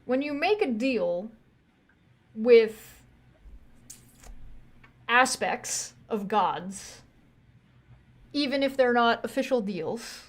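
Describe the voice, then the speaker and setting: A woman's voice: a little high, expressive, very slow, pauses often. A woman running a tabletop game, matter-of-fact and teasing. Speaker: game master.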